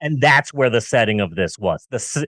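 A man's voice: mid-range voice, expressive, fairly quick, a bit bright, dry recording. A man co-hosting a casual movie-review podcast, ranting sarcastically and riffing with jokes. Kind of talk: casual comedic film review chat.

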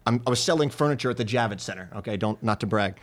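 A man's voice: fairly low pitch, very fast. A man from North Carolina, a comedian, telling a comic story as a podcast guest and acting out the people in it. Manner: animated, acts out the people in his story.

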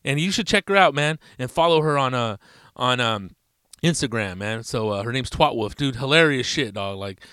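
A man's voice: medium pitch, expressive, normal speed, sharp tone, clean tone, dry recording, clean studio sound. A young man hosting his podcast, talking loose and profane, rambling in slang with frequent laughs. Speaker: podcast host. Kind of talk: casual podcast monologue.

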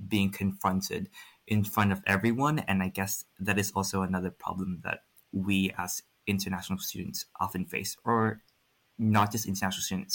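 A man's voice: low voice, a bit bright. A young Vietnamese man with an American-influenced accent, a native Vietnamese speaker, answering interview questions frankly with many fillers. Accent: American-influenced English, Vietnamese speaker.

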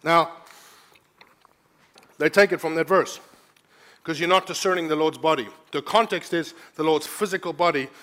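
A man's voice: a little high, a bit bright. A man preaching a sermon as pastor, teaching scripture and rising to urgent, emphatic preaching, often asking the congregation to respond.

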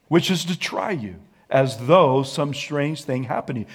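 A man preaching a sermon, leading the congregation in call-and-response and swinging from hushed to shouted lines. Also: fairly high pitch, lively intonation, normal speed, hardly any pauses, breathy edge. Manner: sings and hums snatches of a song. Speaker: pastor.

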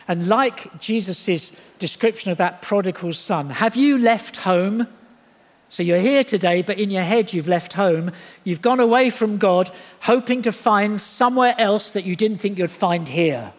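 A man preaching a sermon in church, animated and jokey, acting out the voices he quotes. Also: sits high, moderate pace. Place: church hall. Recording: long hall reverb.

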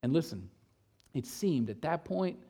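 Pastor, male, fairly high voice, chatty storytelling sermon, shifts from hushed to emphatic. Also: big pitch swings, measured pace, husky. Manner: conversational storytelling with rhetorical questions.

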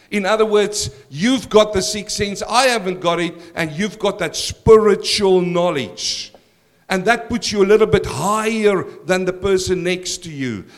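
A man preaching a verse-by-verse sermon as pastor, emphatic and direct, addressing his congregation. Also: high-pitched.

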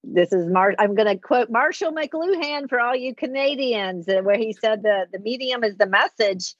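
A woman hosting a casual conversation, chatty and quick to affirm her guest. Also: fairly high pitch, expressive, dry recording. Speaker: podcast host. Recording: slightly dull lo-fi sound.

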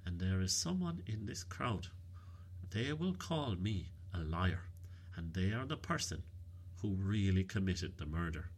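A man voicing a shrewd, unflappable countrywoman who tells tall tales in a calm, matter-of-fact way. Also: low-pitched, a little slow, husky, full character voice. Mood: deadpan.

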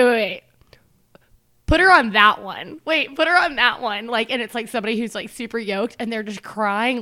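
Woman cohosting a podcast, chatty and animated, keeps laughing and doing voices, mid pitch. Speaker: podcast co-host. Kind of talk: casual chat.

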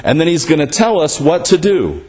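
A man with a fairly high voice preaching a sermon. He keeps asking his listeners rhetorical questions and tags his points with a quick "right?" to draw them along. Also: big pitch swings, darkish tone. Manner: asks rhetorical questions, often adds "right?".

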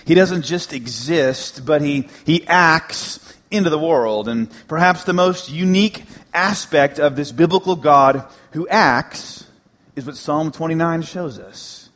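A man preaching a sermon as the pastor, animated and joking, repeating words for emphasis. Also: fairly high pitch, unhurried. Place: church sanctuary.

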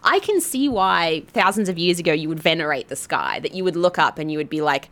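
A woman's voice: on the low side, expressive, brisk, a bit bright. An Australian woman, a guest astronomer, telling wry stories in casual podcast chat.

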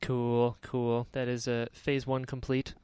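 A man from North Carolina hosting a podcast, chatting in a relaxed, friendly way and laughing often. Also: medium pitch, slow pace, clean tone, no room sound. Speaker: podcast host. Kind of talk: casual chat. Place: home studio in Florida, dry sound.

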